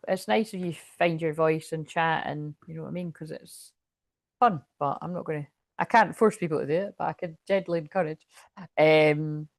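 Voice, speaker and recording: A Scottish woman with a low-pitched voice gives a casual, rambling tarot reading to camera, often breaking into laughter. The sound is clean studio audio with no room sound.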